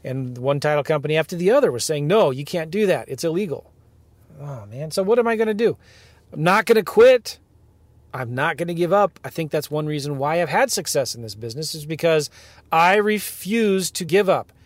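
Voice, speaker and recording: A man hosting a podcast from his car, ranting in an animated way and firing off rhetorical questions to his listeners. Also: fairly high pitch, fairly quick, no echo. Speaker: podcast host, real estate investing coach. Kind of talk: ranting monologue.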